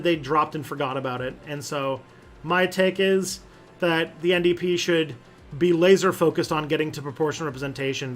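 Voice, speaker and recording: A man hosting a casual livestream and answering chat questions, rambling with lots of fillers and restarts. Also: a little high.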